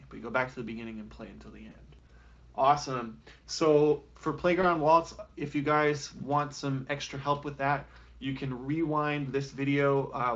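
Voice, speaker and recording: A man's voice: medium pitch, fairly bright tone. Casual male flute teacher, dull audio. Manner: casual, encouraging, with frequent fillers. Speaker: music teacher. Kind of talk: live online music lesson.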